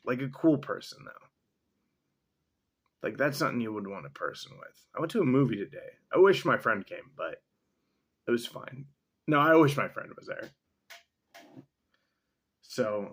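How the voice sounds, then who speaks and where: A man casually reacting to a text he reads, rambling and sarcastic, swearing freely and filling pauses with ums and likes. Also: on the low side, a bit bright, breathy edge. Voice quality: mustache-wearing man chuckling between remarks. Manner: profane, sarcastic, thinks aloud with many fillers. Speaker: vlogger reading and reacting to a text.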